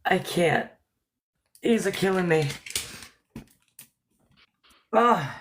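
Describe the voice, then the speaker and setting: A woman's voice: on the low side, very slow, a little hiss or hum. Giggly woman hosting a live stream. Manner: laughs often, giggly and animated. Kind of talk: casual live stream chat.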